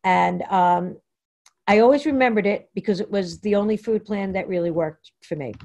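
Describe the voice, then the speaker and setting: A woman from Long Island telling her own recovery story at an online meeting, halting and rambling with many fillers and restarts. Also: medium pitch, a little mellow. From New York, Long Island. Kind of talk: personal share at a Zoom meeting. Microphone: computer mic on a video call.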